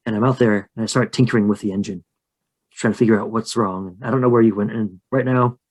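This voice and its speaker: A man's voice: fairly low pitch, steady tone, quick pace. A man co-hosting a podcast, casually narrating his moves in a tabletop role-play and joking in a chatty, rambling way. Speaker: podcast co-host and player.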